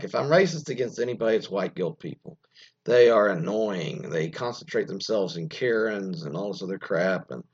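A man's voice: fairly low pitch, husky, lo-fi sound. A man from the United States casually talking through the news and his own opinions, rambling with frequent restarts and asides. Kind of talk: casual commentary, reading news aloud.

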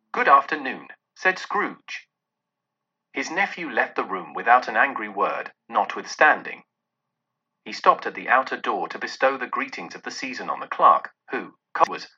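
A man reads a classic story aloud, voicing every exchange of dialogue with plenty of rise and fall. His voice is very bright but husky. The recording sounds dull and lo-fi. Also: medium pitch. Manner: lively expressive reading with voiced dialogue. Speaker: narrator. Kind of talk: audiobook reading.

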